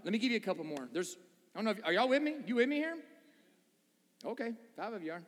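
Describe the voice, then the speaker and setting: High-sitting and sing-song, this pastor's voice moves fast yet leaves long pauses. He preaches a conversational sermon packed with rhetorical questions before a congregation in a church sanctuary, and the large hall adds long reverb.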